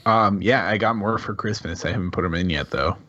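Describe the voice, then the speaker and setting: A man co-hosting a tech podcast in casual chat, halting and self-amused, on a dull lo-fi recording. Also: deep voice, pushed and bright. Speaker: podcast co-host.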